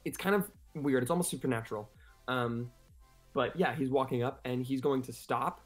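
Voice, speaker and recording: A man's voice: mid-range voice, faint music behind. A man narrating an improvised tabletop game as game master, rambling with many fillers. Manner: rambling, filler-heavy, fast.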